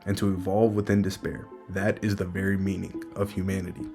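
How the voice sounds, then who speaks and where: A man's voice: deep voice, level tone, fairly quick, music in the background. A man voicing a solemn old male god in a casual read-out of manga lines.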